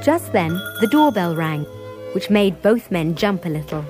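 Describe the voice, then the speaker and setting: A woman narrating a scripted story in a measured, clear storytelling manner. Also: fairly low pitch, very animated, over music, low-quality recording.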